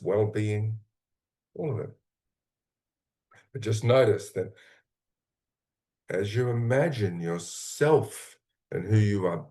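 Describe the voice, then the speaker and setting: A middle-aged man leading a guided meditation, speaking slowly and soothingly with long pauses between short phrases. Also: sits low, darkish tone.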